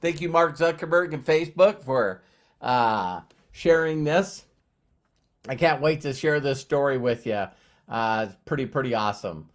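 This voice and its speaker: A man's voice: medium pitch, lively intonation, a little slow. A man in his fifties hosting a live-streamed motivational talk, upbeat and rambling, with many fillers and restarts. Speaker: network marketing presenter.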